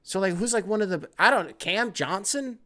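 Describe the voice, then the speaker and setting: A young man with a high-pitched voice hosts a casual sports podcast at a moderate pace. He rambles, switches topics often, stays animated, and swears a lot.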